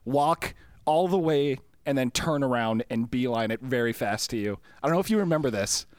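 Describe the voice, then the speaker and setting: Man, mid pitch, eager chime-ins; dry podcast mic. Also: expressive, moderate pace, darkish tone, clean tone, dry recording. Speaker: podcast co-host. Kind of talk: casual chat.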